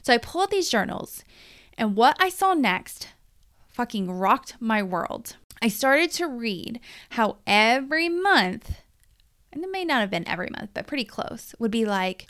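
Candid woman podcast host, smooth voice. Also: a little high, a little slow. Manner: emotional, confessional, lively storytelling. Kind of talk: candid personal monologue.

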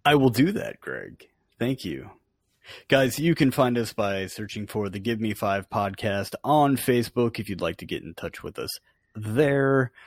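A man hosting a podcast, reading the show's outro in a relaxed, easygoing way. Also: on the low side, measured pace, dry recording. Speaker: podcast host. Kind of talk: casual chat, reading show outro.

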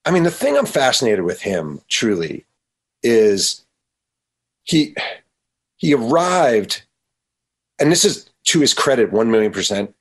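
A man, an author guest on a radio show, telling stories in an animated way and often acting out quotes. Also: lowish voice, husky. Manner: animated, quick to act out quotes. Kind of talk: storytelling in a radio interview.

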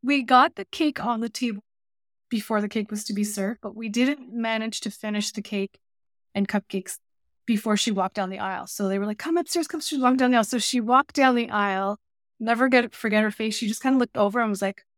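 Woman, interview guest; animated storyteller, dry close sound. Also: medium pitch, a little fast, no echo. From Canada. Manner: lively anecdotal storytelling with voiced asides. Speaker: podcast guest, baker and cooking teacher.

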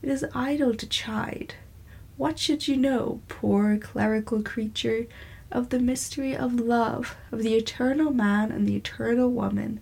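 A woman voicing an impassioned young gentleman in love, speaking in a lofty, defiant way. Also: a little high, measured pace, gravelly, slightly rough, exaggerated voice.

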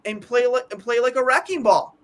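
A man's voice: very high-pitched, fairly quick. A man co-hosting a casual hockey podcast, ranting in an exasperated, rambling way with many stammered restarts. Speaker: podcast co-host. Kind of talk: casual sports talk.

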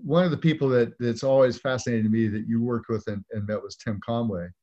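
A man hosting an interview, asking questions in a halting, enthusiastic way with many restarts. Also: mid-range voice, fairly even intonation, mellow, lo-fi sound. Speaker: host.

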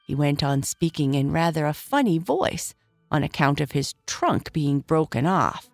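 Woman storyteller, low voice, lively rise and fall, soft music behind. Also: no room sound. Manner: gentle, unhurried, expressive. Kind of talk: children's story reading.

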